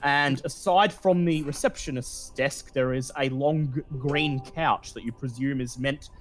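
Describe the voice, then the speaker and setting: A man narrating as game master in a tabletop role-playing game, laid-back and quick to laugh. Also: medium pitch.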